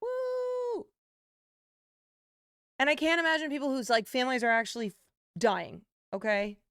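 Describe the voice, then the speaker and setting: A woman's voice: a little high, lively intonation, quick pace, fairly bright tone, smooth, dry recording, clean studio sound. A woman streamer ranting to her chat in a sarcastic, indignant and profane way. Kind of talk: casual stream rant to chat.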